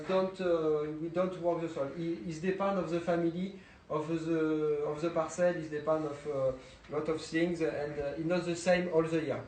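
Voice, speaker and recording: A young man from France, speaking English with a French accent, gives a halting tour full of fillers as a winemaker outdoors. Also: fairly high pitch, darkish tone, a little hiss or hum, rough recording. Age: young adult. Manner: halting, many filler sounds and restarts. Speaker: winemaker giving a vineyard tour. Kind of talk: casual guided talk. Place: outdoors in a vineyard.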